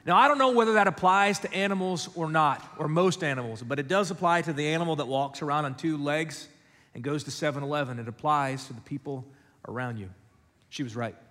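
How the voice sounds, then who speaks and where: A man preaching a sermon, telling stories and acting out voices, then dropping low and quiet for key points. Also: brisk. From West Africa. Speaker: pastor. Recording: long hall reverb.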